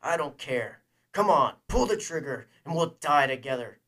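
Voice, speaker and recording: A man voicing a desperate, angry middle-aged male smuggler who shouts in a breathless, strained voice. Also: medium pitch, fairly even intonation, unhurried, distant mic, natural voice. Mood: raging.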